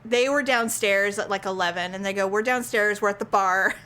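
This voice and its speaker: A woman's voice: medium pitch, fairly quick, clear, resonant tone. A woman co-hosting a podcast, telling a story in casual chat and acting out the voices of the people in it. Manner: animated, acts out voices in her stories. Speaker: podcast co-host.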